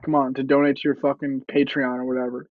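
A man's voice: medium pitch, flat delivery, quick pace. A young man co-hosting a podcast, teasing and pushing with casual banter. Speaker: podcast co-host. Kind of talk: casual chat. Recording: dull, dry mic sound.

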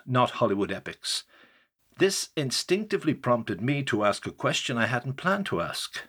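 A man's voice: mid-range voice, a bit bright, husky. An older man, a journalist, reading his own article aloud in a wry, dry storytelling way. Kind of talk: read-aloud first-person memoir narration.

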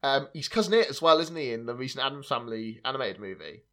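Man, podcast host, casual chat, wry, sarcastic, middle pitch, lots of fillers. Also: lively intonation, quick pace, a bit bright, a little hiss or hum. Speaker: podcast host sharing film trivia.

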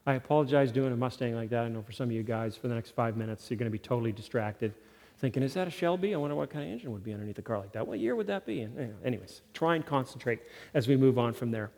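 A man's voice: mid-range voice, a little mellow. A male pastor giving a conversational sermon, often checking in with the congregation. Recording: long reverb of a large hall.

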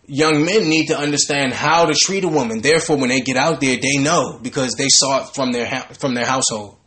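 A man leading a Bible study, commenting on scripture in a casual, animated preaching manner. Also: medium pitch, a little fast. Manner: animated, conversational, breaks into laughter and mock voices.

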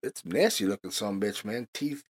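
A man's voice: on the low side, lively intonation, brisk. A man guest-hosting a podcast, telling a story in a casual, profane way and leaning on "you know". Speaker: guest host.

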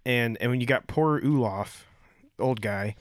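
A man chats about a TV episode, relaxed and easygoing as he fills in details. His voice is mid-pitched, and the recording is dry and close. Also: unhurried, no room sound. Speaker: podcast co-host. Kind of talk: casual TV episode recap chat.

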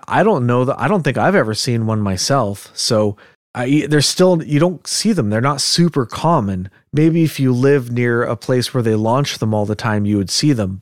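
A man's voice: medium pitch, moderate pace, no room sound, studio quality. A man hosting a podcast in easygoing casual chat who chuckles often between points. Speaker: podcast host.

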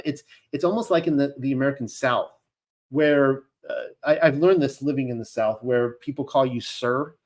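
A man's voice: mid-range voice, darkish tone. A man teaching a Bible lesson, reading scripture aloud and breaking off into conversational commentary full of asides and restarts.

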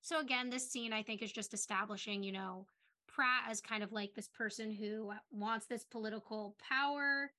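A woman's voice: a little high, moderate pace, bright, forceful tone. A woman co-hosting a podcast, agreeing easily and chatting about a TV episode with casual "like" fillers. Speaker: podcast co-host. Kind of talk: casual TV rewatch discussion.

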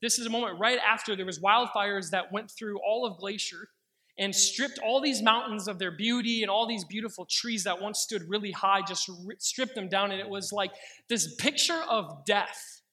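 Young male preacher, high and bright, earnest testimony, slows down for quoted prayers. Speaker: pastor. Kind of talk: sermon with personal testimony.

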